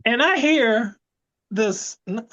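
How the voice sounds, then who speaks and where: A man's voice: very high voice, takes it slowly, highs cut off. A man co-hosting a casual chat show, telling stories with lots of laughter. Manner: storytelling, animated, laughs often. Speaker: podcast co-host.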